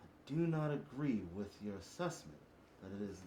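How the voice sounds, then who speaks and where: A man's voice: medium pitch, big pitch swings, moderate pace, a little mellow, a little hiss or hum, close to an everyday voice. A man putting on a stiff accented master assassin, muffled by a mask. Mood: formal. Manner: stiff, formal reading with stumbles. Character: male master assassin reading a formal letter. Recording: roomy echo.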